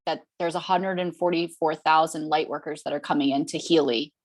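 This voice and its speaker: A woman with a notably deep voice speaks on a group call. She tells stories earnestly and encourages the group warmly. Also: fairly even intonation, brisk. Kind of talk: casual group call chat. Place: online group video call.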